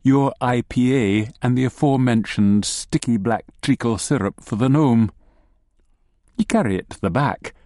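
A man narrating a story in the second person, with a measured, wry delivery. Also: mid-range voice, dark tone, no room sound, studio quality.

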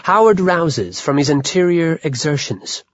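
Husky-voiced man reading a novel. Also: on the high side, lively intonation, a little slow, dry recording. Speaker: audiobook narrator. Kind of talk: literary audiobook narration. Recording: dull lo-fi dry audio.

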